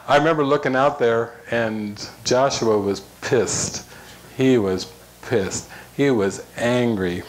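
Animated man telling a story. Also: medium pitch, slight background noise, rough recording. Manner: animated storyteller acting out dialogue. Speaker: spiritual teacher. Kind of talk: storytelling talk to a group. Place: room in a monastery.

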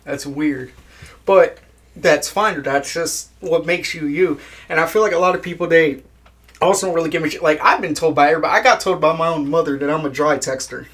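A man's voice: a little high, fairly quick, fairly bright tone. A young man chatting casually in an interview, laid-back, swearing a lot and laughing at his own jokes. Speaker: guest musician.

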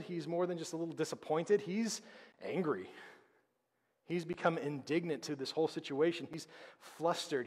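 Man pastor, conversational emphatic sermon, slightly high voice, long church reverb. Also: husky. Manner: conversational, emphatic preaching with dramatic pauses. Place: church sanctuary.

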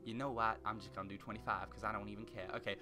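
A young man commenting on his own gameplay in a rambling, excitable way, breaking into panicky yelps. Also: on the low side, racing, over music. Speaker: gaming channel host. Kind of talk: casual let's play commentary.

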